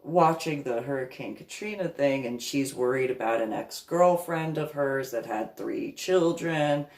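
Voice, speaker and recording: A woman reverend talks through a personal story in a casual monologue. She is animated and stacks up repeated words for emphasis. Her voice carries a roomy echo from the space around her. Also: a bass voice, measured pace.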